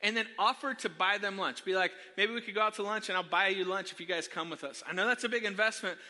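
Man, middle-aged pastor, sermon, animated storyteller, high voice, long hall reverb. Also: fast. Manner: animated, self-deprecating, talks to the congregation.

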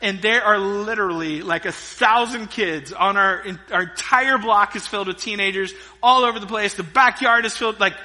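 Middle-aged male pastor, animated storyteller, high and piercing tone. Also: moderate pace, hardly any pauses. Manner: energetic storytelling preacher, swinging between loud emphasis and hushed asides. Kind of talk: sermon. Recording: long reverb of a large hall.

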